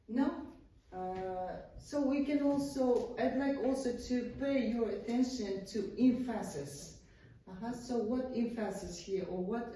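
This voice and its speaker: An Uzbek-accented woman teaching English gives a classroom lecture in a dark, mid-range voice, often using "uh-huh" and checking in with "yes?" The mic is distant in an echoey room, with slight background noise.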